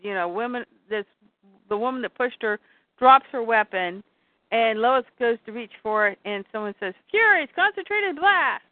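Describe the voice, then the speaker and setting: A woman's voice: medium pitch, fairly even intonation, normal speed, no room sound. A woman co-hosting a comic podcast, casually retelling a comic's plot in a chatty way, with lots of filler words. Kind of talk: casual chat, recapping a comic. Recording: dry tinny phone-like sound.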